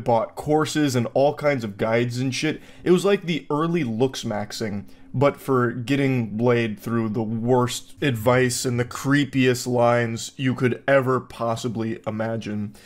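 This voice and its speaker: A man giving reaction commentary in a sarcastic, incredulous tone, often jumping into exaggerated high quips. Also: measured pace, hardly any pauses. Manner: sarcastic, incredulous, mock-puzzled. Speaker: online commentator.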